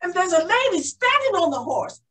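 Brief: woman as a pioneering aviator, one-woman storytelling, high voice, eager and gasping, mic set well back. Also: a little fast, far from the mic, full character voice, poor audio. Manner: animated, gasping with excitement. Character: pioneering woman aviator recalling her childhood. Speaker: living-history performer.

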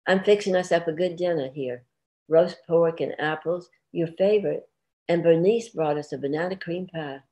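A woman's voice: fairly low pitch, moderate pace, dark tone, natural voice. A woman reading the part of a chatty farm wife who coaxes and pleads in folksy dialect. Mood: coaxing. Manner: sweet-talking, pleading, folksy.

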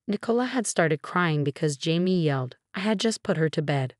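A woman narrating a first-person story in an even, plain storytelling manner. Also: fairly low pitch, brisk, few pauses, no echo, studio quality.

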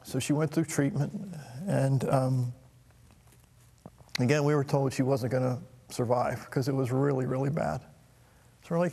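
A middle-aged man telling a personal family story in a halting, emotional way, with frequent restarts. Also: fairly high pitch, creaky, darkish tone, slightly rough, long reverb tail. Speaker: talk show host.

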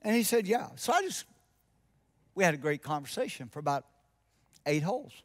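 This man is a preacher whose high voice swings widely in pitch as he speaks fairly quickly. Mid-sermon, he tells a story by performing both speakers in a conversation, going soft and intense at the crucial moments.

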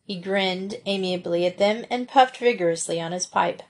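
A woman reading a children's book aloud in steady storybook narration. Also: fairly low pitch, moderate pace.

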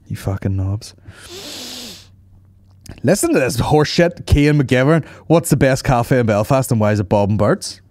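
A man hosting a comedy podcast, bantering with animated, profane asides. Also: mid-range voice, normal speed, no room sound, clean studio sound. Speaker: podcast host.

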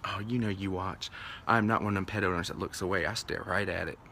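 A man, chatting in a sassy, animated vlog while walking his dog outdoors on a handheld phone. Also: deep voice, fast talker, slight background noise. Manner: animated, sassy, playful running commentary. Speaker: vlogger. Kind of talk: casual vlog chat.

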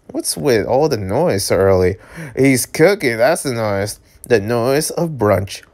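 A man hosting a channel, reading a webcomic aloud in a casual, animated way and joking about it. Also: measured pace. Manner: animated, jokey, yelps high on surprise. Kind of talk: casual read-aloud with reactions.

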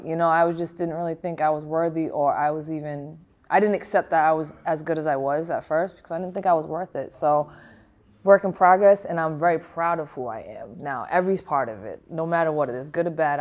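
A woman's voice: deep voice, darkish tone. A woman boxer from Rhode Island, answering interview questions frankly and reflectively, with many fillers and restarts. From Providence, Rhode Island, USA. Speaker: professional boxer.

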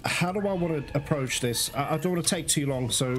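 A man's voice: fairly high pitch, fairly quick, background noise. A man commenting live on his own gameplay, frustrated and swearing, talking straight to his viewers. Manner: frustrated, swearing, exclaiming at the game. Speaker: gaming channel host. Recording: loud game music behind voice. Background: game music.

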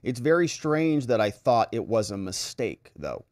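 A man's voice: medium pitch, very animated, a little slow, no room sound, clean studio sound, pitched below the performer's own voice. A man quoting an older female witness in a plain, defiant manner.

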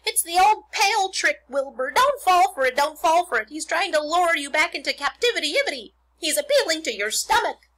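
A woman voicing an excitable, bossy female goose in a storybook read-aloud, repeating her words in urgent bursts. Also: very high-pitched, moderate pace, pitched above the performer's own voice. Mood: urgent, squawking.

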